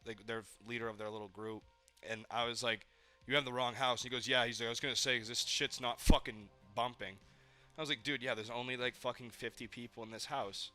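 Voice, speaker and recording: A man's voice: medium pitch, bright, forceful tone. A young man from Maine, a podcast co-host, telling rambling party stories in casual chat, swearing a lot and acting out what people said. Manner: rambling storytelling, heavy swearing, acts out quotes.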